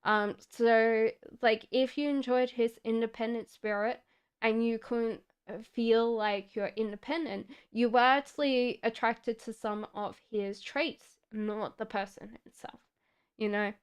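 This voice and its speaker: A woman's voice: a little high, steady tone, unhurried, clear, resonant tone. An Australian woman giving tarot readings on a live stream, chatty with many fillers and frequent laughs. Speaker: tarot reader.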